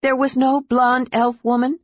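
A woman's voice: on the high side, a little slow, no echo, muffled recording, pitched above the performer's own voice. A woman voicing a fierce, commanding woman warlord who rides a dragon, speaking sharply with a raised voice.

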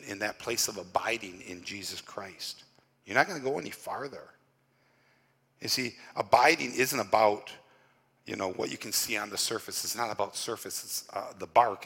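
A lowish, bright, forceful male voice preaching in a conversational way, stumbling over repeated words and leaning on "you know". The long reverb of a church hangs behind him. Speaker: pastor. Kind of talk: sermon. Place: church during a worship service.

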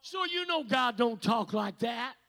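Revival preacher, man, very high bright voice, hushed asides then shouting. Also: measured pace, poor audio. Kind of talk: revival sermon.

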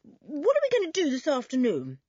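A woman voicing a good-natured boy who speaks quickly and eagerly. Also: high voice, huge pitch swings, warm tone, no room sound, lo-fi sound, voice pushed up.

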